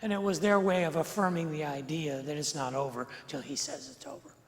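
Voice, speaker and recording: A male pastor preaching an earnest sermon, slowing and swelling on key phrases and repeating words for emphasis. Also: a little high, lively intonation, slight background noise. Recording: long church reverb.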